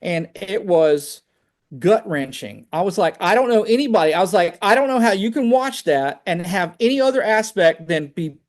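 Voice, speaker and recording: Man, high voice, animated storyteller, chatty faith talk, video call. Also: normal speed. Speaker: guest speaker. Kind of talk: casual testimony on a video call.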